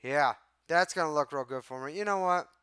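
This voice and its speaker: A man's voice: a little high, fairly quick, a bit bright, clean tone, no echo, clean studio sound. A man hosting a live stream, exasperated and swearing as he answers his chat. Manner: exasperated, profane, talks to chat. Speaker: livestream host. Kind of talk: casual live-stream talk.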